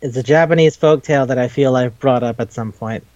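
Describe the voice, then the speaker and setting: A man's voice: mid-range voice, a little mellow, muffled recording. Profane, rambling man recapping anime. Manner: rambling, profane, retells scenes with quick put-on quotes. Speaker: podcast co-host. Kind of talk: casual chat.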